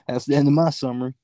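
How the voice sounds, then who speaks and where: A young man chatting on a podcast, animated, laughing often and acting out the people in his stories. His voice is mellow and warm, and the sound is dry and close. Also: mid-range voice, dry recording. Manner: animated storyteller, acts out voices, laughs often, swears freely. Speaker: podcast guest. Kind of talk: casual chat. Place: in a car.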